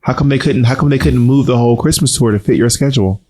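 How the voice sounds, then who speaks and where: A man co-hosting a casual chat, speaking softly and holding back his voice after surgery, teasing and mock-indignant. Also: mid-range voice, quick pace. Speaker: podcast co-host.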